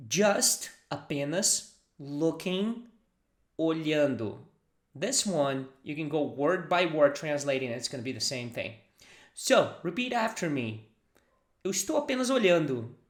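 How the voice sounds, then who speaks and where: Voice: mid-range voice, big pitch swings, slow, roomy sound. A Portuguese teacher from southern Brazil, with a southern Brazilian accent and Portuguese as a first language, giving a language lesson in English and carefully repeating phrases word by word.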